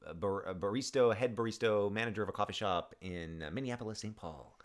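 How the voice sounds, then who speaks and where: A man in his thirties co-hosting a casual chat show, rambling and halting with many restarts and fillers. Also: fairly low pitch. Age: 30s. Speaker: podcast co-host.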